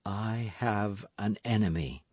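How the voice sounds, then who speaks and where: A man's voice: on the low side, takes it slowly, darkish tone, dry recording. A man reading an audiobook, voicing a vindictive, scheming noblewoman in a coaxing, calculating manner.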